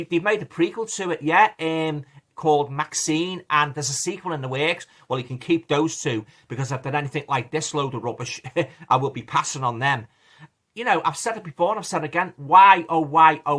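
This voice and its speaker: A man's voice: fairly high pitch, a bit bright. A man with a Liverpool accent giving a blunt, rambling movie review in a casual vlog, full of fillers and repeating himself.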